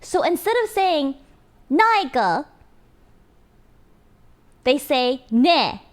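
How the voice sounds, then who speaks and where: A young adult woman streamer in casual chat with her viewers, animated and giggly. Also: sits high, slow. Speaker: live streamer.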